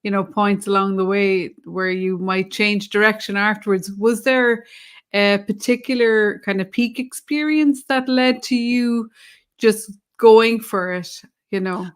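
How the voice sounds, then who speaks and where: A woman's voice: medium pitch, steady tone, unhurried, clear, resonant tone. A woman co-hosting a podcast who reacts with short wows and asks the guest thoughtful questions. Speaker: podcast co-host. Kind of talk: casual podcast interview.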